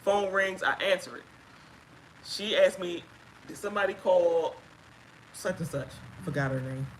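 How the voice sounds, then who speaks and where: A woman casually telling a personal story on a live stream, chatty and halting with fillers, acting out what others said. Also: lowish voice, a little hiss or hum, low-quality recording. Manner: chatty, halting with fillers, acts out quoted speech. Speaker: guest sharing her story.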